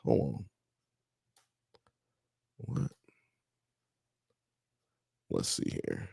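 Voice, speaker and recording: A man's voice: drawn-out words, warm tone, no room sound, clean studio sound. A man from the US South and Midwest hosting a live show, casually reading chat comments aloud and riffing on them. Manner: laid-back, reads chat comments aloud and riffs on them.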